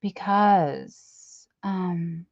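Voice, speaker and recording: A woman's voice: lowish voice, drawn-out words, no room sound. A woman hosting a casual live stream, rambling as she reads viewers' chat aloud and teases herself. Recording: dull lo-fi stream audio.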